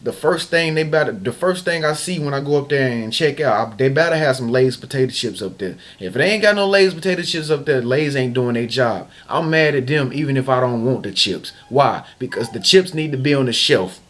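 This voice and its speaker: A man's voice: mid-range voice, expressive, brisk, hardly any pauses, fairly bright tone. Emphatic man repeating himself for effect. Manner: emphatic and repetitive, hammering phrases over and over; casual slangy talk with frequent restarts. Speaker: motivational vlogger. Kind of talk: motivational talk to camera.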